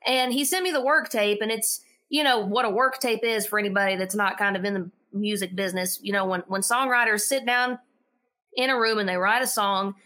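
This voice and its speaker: A woman who writes and sings songs, telling stories as a guest in a casual, animated way and often repeating words as she starts a sentence. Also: medium pitch. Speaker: singer-songwriter guest. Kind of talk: casual storytelling chat.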